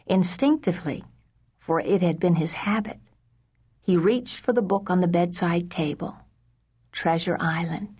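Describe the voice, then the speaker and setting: A woman narrating a children's audiobook in a slow, measured storytelling manner, sometimes dropping to a hush. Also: fairly low pitch, breathy edge. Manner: slow, measured storytelling with soft hushed passages.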